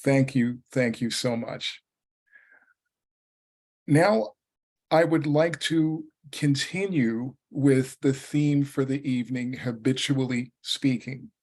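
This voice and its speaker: A man on a video call hosting an online speaking club meeting, measured and courteous. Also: mid-range voice, a little mellow. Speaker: meeting host.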